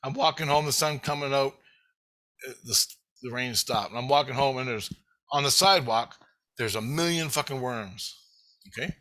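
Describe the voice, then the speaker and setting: A middle-aged man telling a rambling childhood story in casual chat, swearing constantly and acting out his own shouted thoughts. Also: mid-range voice, normal speed. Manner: animated, swears constantly, shouts quoted self-talk. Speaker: storyteller guest.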